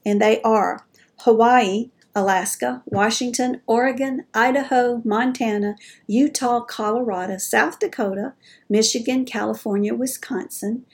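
Chatty Southern woman with a gravelly edge. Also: on the high side, fairly even intonation, measured pace. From American South. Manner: chatty, folksy, laughs at herself. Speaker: caregiving podcast host. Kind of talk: casual chat to listeners.

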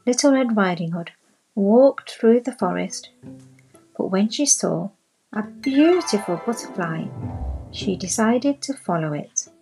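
A woman narrating a children's storybook in a slow, deliberate reading voice. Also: mid-range voice, darkish tone, breathy edge, rough recording.

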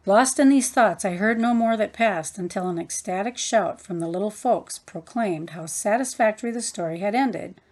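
A woman narrating a book in a measured, reverent reading voice. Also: medium pitch, darkish tone. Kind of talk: audiobook narration.

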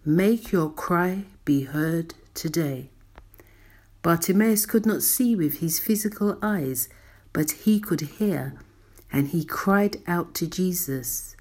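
Woman preacher delivering an emphatic devotional sermon, slow and low-pitched. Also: animated, a little mellow.

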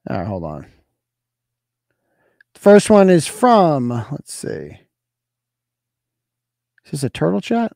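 Blunt, profane high-voiced male host. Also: wildly swooping pitch, slow pace, vocal fry, long pauses, mellow, no echo. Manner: blunt, profane, interrupts and grills his caller. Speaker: podcast host. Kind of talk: casual livestream chat.

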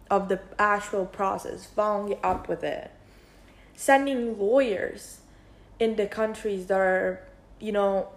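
A young woman talks through her thoughts in a slow, unhurried vlog, rambling and full of fillers. Her voice sits at an ordinary middle pitch. The sound carries a noticeable room echo. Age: young adult. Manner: rambling, thinking aloud with many fillers. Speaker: vlogger. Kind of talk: casual reflective monologue.

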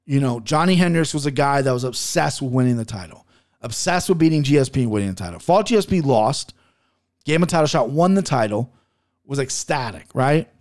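A man's voice: medium pitch, animated, brisk, a little mellow. A man hosting his own podcast, talking through his betting picks in a brash, profane, hyped-up way. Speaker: podcast host giving fight betting picks. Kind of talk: casual solo podcast talk.

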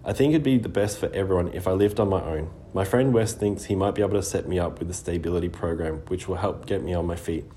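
A man voicing a weary young older brother who speaks low and mumbles. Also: fast, few pauses, mellow, a little hiss or hum, close to an everyday voice. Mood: quiet.

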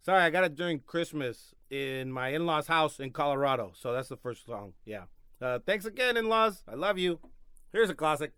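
A young man hosting a podcast, doing a sarcastic comedic monologue that swings between loud bits and mumbled asides. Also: on the high side, animated, normal speed, clear, resonant tone, no echo, studio quality. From Mexican-American. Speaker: podcast host.

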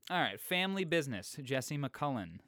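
A man's voice: mid-range voice, big pitch swings, measured pace, gravelly, sharp tone, no echo, clean studio sound. A man co-hosting a casual podcast chat, reading through a list of films with musing asides. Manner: chatty, reads out film lists, musing asides. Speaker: podcast co-host.

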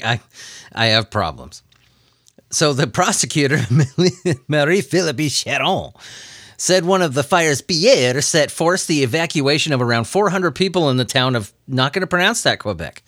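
A man's voice: on the high side, animated, moderate pace, a bit bright, dry recording, clean studio sound, faint music behind. A man hosting a comedy news podcast, joking and laughing as he reads and riffs on odd stories. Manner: joking, laughs often, puts on silly voices. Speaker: podcast host.

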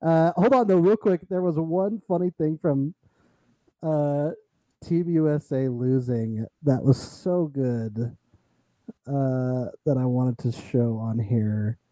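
A man's voice: mid-range voice, slow, dark tone, no room sound, rough recording. A young man co-hosting a casual sports podcast, laid-back, laughing easily and giving short replies. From Colorado. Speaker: podcast co-host.

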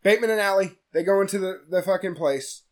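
A man hosting a podcast, recapping a movie in a profane, animated storytelling way. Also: high-pitched, quick pace. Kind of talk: casual podcast chat.

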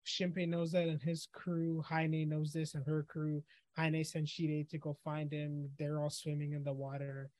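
A man's voice: on the high side, a little mellow, dry recording. A man co-hosting a podcast, casually recapping an anime episode and acting out the characters' lines as he goes. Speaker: podcast co-host.

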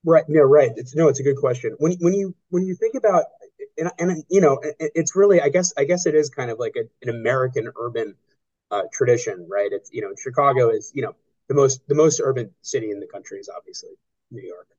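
A novelist in his thirties answering interview questions, talking in a halting way with frequent restarts and fillers. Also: mid-range voice, darkish tone, muffled recording. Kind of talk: conversational interview.

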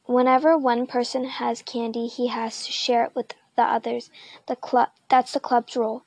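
A woman voicing a mean, sly schoolboy bully who sneers and shouts. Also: fairly high pitch, level tone, normal speed, creaky, dry recording. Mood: sneering.

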